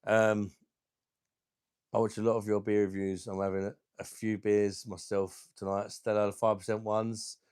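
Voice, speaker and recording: A man hosting a live stream, chatting casually and bluntly with viewers, crude and quick to laugh at his own jokes. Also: lowish voice, level tone, a little mellow, clean tone, no echo, studio quality. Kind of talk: casual live chat reading viewer comments.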